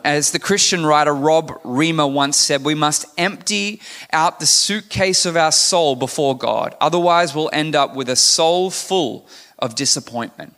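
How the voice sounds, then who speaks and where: A man's voice: fairly high pitch, normal speed, fairly bright tone, long reverb tail. A man preaching a sermon in a candid, conversational manner, asking his congregation questions. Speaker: pastor.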